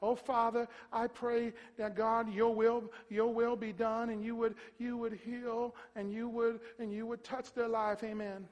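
A preacher voicing a timid man who mumbles a weak, halting prayer, in a reverberant hall. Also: very high-pitched, level tone, lo-fi sound. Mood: meek. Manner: halting, soft, repeats himself.

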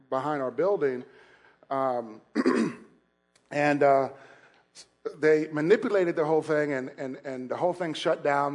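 A man preaching a sermon as pastor, laughing between lines and building to shouted, repeated calls to the congregation. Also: a little high. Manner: repeats phrases, laughs while speaking.

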